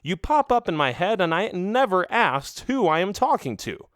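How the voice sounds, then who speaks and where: A man's voice: high voice, very animated, normal speed, a bit bright, no echo, studio quality, voice pushed up. A man doing an agitated skeleton hero. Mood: alarmed. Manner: urgent, raised and agitated. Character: young male skeleton hero, alarmed.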